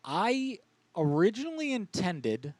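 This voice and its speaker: A man's voice: sits high, big pitch swings, takes it slowly, a little mellow, no echo. A man hosting a comedy prank-call podcast, talking loosely and swearing casually. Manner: loose, profane, joking. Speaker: podcast host and prank caller.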